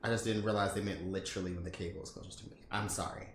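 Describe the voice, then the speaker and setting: A man's voice: sits low, fairly even intonation, racing, echoey room, a little hiss or hum. A man hosting a gaming let's-play, joking, swearing and talking straight to his viewers. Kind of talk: casual game commentary.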